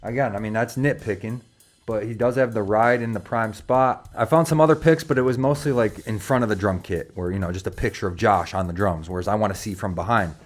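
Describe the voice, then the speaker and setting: A man's voice: on the low side, fairly quick, faint music behind. A young man, rating drum kits in casual, joking chat, swearing freely and calling listeners brother. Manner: joking, profane, slangy, calls viewers brother.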